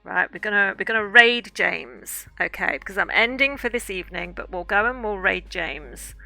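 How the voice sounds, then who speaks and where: A woman's voice: mid-range voice, animated, moderate pace, gravelly, bright, forceful tone, no room sound, faint music behind. A middle-aged woman author in casual livestream chat, chatty and effusive, thanking her viewers often. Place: small home room corner.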